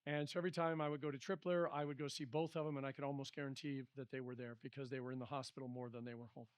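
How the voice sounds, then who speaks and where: A man's voice: medium pitch, flat delivery, racing, clean tone, dry recording, studio quality. A middle-aged man, a pastor, leading a Bible study in a conversational, storytelling way.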